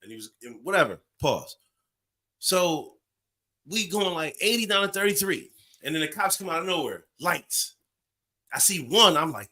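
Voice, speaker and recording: A man in his forties telling a story in casual podcast talk, animated and acting out voices and sounds. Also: on the high side, moderate pace. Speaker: podcast co-host.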